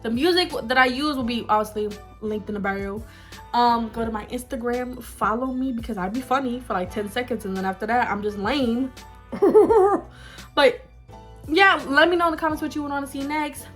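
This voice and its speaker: A young woman telling a story on her mukbang vlog in a casual, animated, dramatic way, with bursts of laughter. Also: a little high, fairly quick, soft background music. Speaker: vlogger. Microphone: phone.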